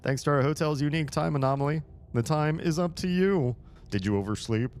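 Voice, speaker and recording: A chipper old-timey male hotel announcer, as a gamer puts him on, lifting his voice high and bright. He rattles off a quick, upbeat promotional pitch, pushing louder than his usual talk. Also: lightly acted. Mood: salesy.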